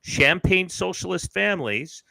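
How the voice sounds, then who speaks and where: A man's voice: sits high, animated, a little slow, vocal fry, bright, forceful tone, no echo, rough recording. A man from Canada hosting a political livestream, ranting sarcastically over a webcam mic. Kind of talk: political commentary rant.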